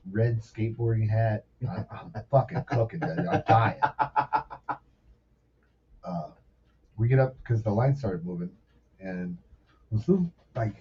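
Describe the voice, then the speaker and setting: A man in his forties telling rambling, profane stories in a casual podcast chat. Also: on the low side. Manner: profane, rambling, animated storyteller. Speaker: podcast guest, former sous chef. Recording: distant mic, dull lo-fi sound, faint background noise.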